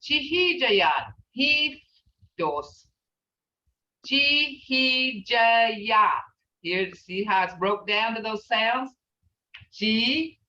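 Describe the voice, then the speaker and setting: A woman teaching a language class, patient and unhurried, sounding out each word so students can repeat it. Her voice is bright and lively, rising and falling as she explains. She sounds distant from the mic, in a roomy space on a slightly muffled recording. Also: medium pitch. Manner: patient, repeats words slowly for students to copy.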